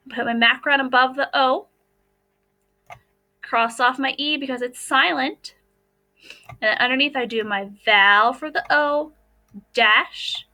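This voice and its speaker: Slow, bright-voiced woman teaching phonics. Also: sits high, low-quality recording. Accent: American. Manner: slow, patient, step-by-step explaining. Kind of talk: phonics lesson over slides.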